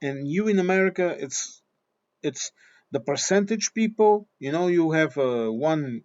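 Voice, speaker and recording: A man's voice: a little high, animated, measured pace, a little mellow. Blunt, swearing man on a dull recording. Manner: blunt, swearing, repeats himself. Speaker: vlogger. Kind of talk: opinion monologue.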